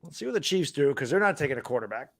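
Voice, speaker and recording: A man co-hosting a live sports talk stream, his voice bright and forward and a little higher than most men's. He chimes in with short agreements and then lays out his own view, recorded close with no room sound. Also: sing-song, vocal fry, dry recording. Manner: quick agreeing replies, then runs of opinion. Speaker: co-host.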